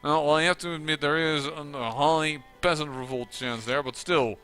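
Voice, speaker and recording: A man narrates his own strategy game playthrough, musing half to himself and breaking into exasperated grumbles when things go wrong. His voice sits a little high and rings bright. Soft music plays faintly under him. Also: steady tone, normal speed, few pauses, smooth. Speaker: let's play commentator.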